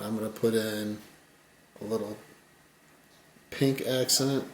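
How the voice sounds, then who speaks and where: Low-voiced man teaching fly tying. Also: fairly even intonation, slow, reverberant, a little hiss or hum. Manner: rambling, folksy, trails off quietly at times. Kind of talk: casual tutorial talk.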